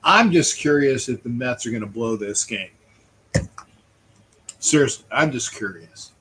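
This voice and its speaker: Slow-talking guy on a live stream, rambly, calling the game and saying hi to chat. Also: mid-range voice, expressive, pushed and bright, slight background noise, rough recording. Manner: rambling, chatty, greets viewers by name. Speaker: livestream host. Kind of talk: casual live chat with play-by-play.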